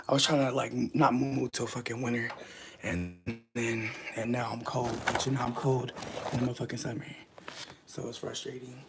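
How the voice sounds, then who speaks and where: A young woman from the US chatting casually to camera, rambling and swearing freely, a little out of breath, dropping to mutters and jumping to loud bursts. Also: a bass voice, gravelly, husky. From United States. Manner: profane, rambling, playfully brash, jumps between mutters and loud bursts. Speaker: vlogger.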